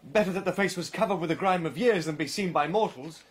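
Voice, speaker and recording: A man's voice: high-pitched, fast talker, very noisy, natural voice. An actor playing a nervous young male scholar alone at night, talking to himself and easily spooked. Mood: uneasy.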